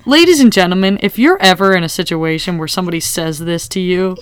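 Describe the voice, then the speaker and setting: A woman recapping a show in easygoing conversation, her voice lowish and smooth. It sounds dry and close, with no room around it. She slips into little acted quotes as she talks. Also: quick pace, dry recording. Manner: animated, acts out quoted lines. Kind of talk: casual TV recap chat.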